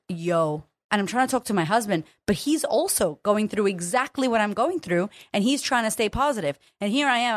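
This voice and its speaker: A woman's voice: mid-range voice, dry recording. A woman hosting her own podcast as a confidence coach, talking frankly and emotionally and swearing freely. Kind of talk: candid solo podcast monologue.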